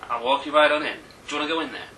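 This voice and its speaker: Man mimicking a big brash Chicago hustler, repeats his pitch, bright and forceful, roomy room. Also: big pitch swings, racing, gravelly, a little hiss or hum, full character voice. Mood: pushy. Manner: brash, repetitive sales pitch. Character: big pushy Chicago man offering club entry. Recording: roomy echo, mic at a distance.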